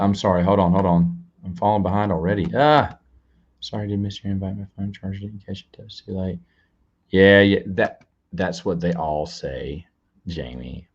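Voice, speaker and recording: Man host, low voice, chatty and rambling, dull lo-fi stream audio. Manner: rambling, repeats words and restarts; chats to viewers and reads out donations. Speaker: live-stream show host. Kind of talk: casual live-stream chat.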